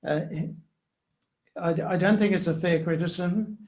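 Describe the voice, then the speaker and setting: An older man answering interview questions in a measured, hesitant way with many fillers, reading quoted passages aloud with emphasis. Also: sits high, steady tone, a little mellow. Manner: reads quotations aloud with emphasis. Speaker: commentator on church social teaching.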